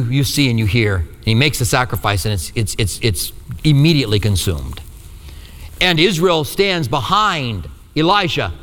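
A man's voice: fairly high pitch, fairly bright tone. A man preaching a sermon as a pastor, telling the story with energy and acting out the quotes. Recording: reverberant hall.

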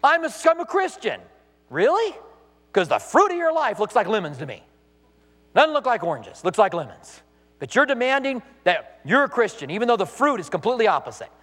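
A male pastor preaching with a high, lively voice that swings up and down as he acts out the people he quotes. His sermon rings through a big hall with long reverb. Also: fairly quick, breathy edge.

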